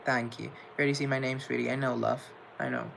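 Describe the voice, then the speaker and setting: Young male streamer, mid-pitched and a bit gravelly, chatty and campy as he reads out viewer comments. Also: little pitch movement, fast, fairly bright tone, a little hiss or hum, low-quality recording. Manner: chatty, playful and campy, with pet names for viewers. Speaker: livestream host. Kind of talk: casual chat reading viewer comments.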